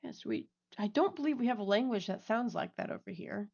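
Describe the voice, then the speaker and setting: Here is a woman lightly voicing a curious male cartoon toon who talks in a calm, measured way. The audio is a little dull and lo-fi. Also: medium pitch, vocal fry.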